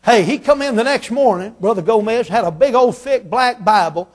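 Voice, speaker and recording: Preacher guy, real high voice, goes from hollering to hushed while he tells the story. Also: animated, moderate pace. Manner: emphatic, swinging from shouts to hushed tones. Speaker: pastor. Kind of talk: storytelling sermon.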